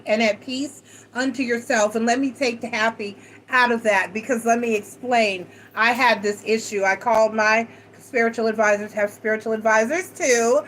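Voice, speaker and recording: A woman's voice: on the high side, slight background noise, rough recording. Chatty, salty woman reading tarot. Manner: chatty, rambling, frank and salty. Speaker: tarot reader. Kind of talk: casual tarot reading monologue.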